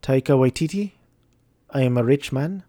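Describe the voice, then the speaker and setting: A man's voice: medium pitch, normal speed, warm tone, no echo, lightly acted. A man voicing a rich studio boss with an odd put-on accent, giving orders. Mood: bossy.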